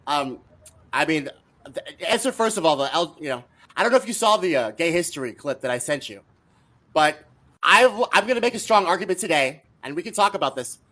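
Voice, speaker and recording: Guest guy on a podcast, voice a bit high, teasing and arguing. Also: expressive, fairly quick, pushed and bright. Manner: teasing, argumentative. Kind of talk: casual political podcast chat.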